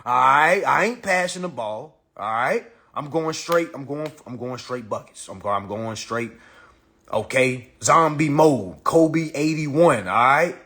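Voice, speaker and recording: A man's voice: mid-range voice, lively intonation, unhurried, pushed and bright, slightly rough. A man hosting a casual phone livestream, talking in a boastful, repetitive, profane way. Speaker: livestream host.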